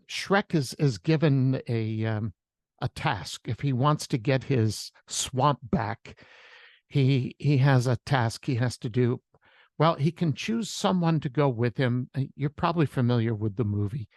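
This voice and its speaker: A man's voice: medium pitch, a little mellow, no echo. A man who is a worship leader, sharing a reflective devotional message with storytelling on a video call.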